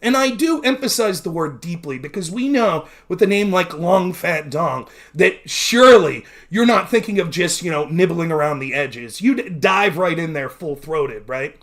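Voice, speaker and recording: A man's voice: a little high, lively intonation, moderate pace, hardly any pauses, a bit bright. Sarcastic male political streamer. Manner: sarcastic, mocking, reads chat aloud. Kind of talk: casual livestream commentary.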